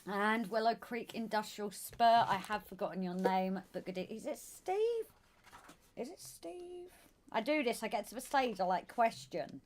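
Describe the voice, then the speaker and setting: A woman with a Southern English accent co-hosting a casual live stream, greeting viewers by name and calling them darling. Her voice is going hoarse. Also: mid-range voice, normal speed, few pauses, a little hiss or hum. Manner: chatty, calls viewers darling and sweetheart. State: losing her voice. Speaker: live stream co-host reading chat.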